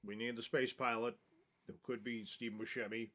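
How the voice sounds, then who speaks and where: A man co-hosts a relaxed comedic podcast, playful and eager to play along. His voice sits at an everyday middle pitch. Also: moderate pace. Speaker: podcast co-host. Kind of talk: casual comedic chat.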